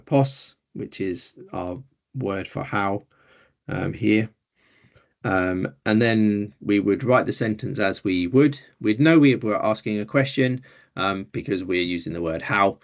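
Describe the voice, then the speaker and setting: A man's voice: on the low side, gravelly, dull audio. A man teaching a beginners' language class, explaining patiently and hesitantly with frequent ums. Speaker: Greek teacher. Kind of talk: informal online class teaching.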